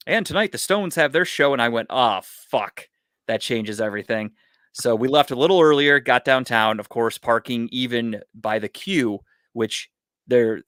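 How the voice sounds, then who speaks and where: On a casual podcast, a co-host tells a long story in a mid-range voice, swearing a lot and acting out what everyone said. The recording is studio quality with no echo.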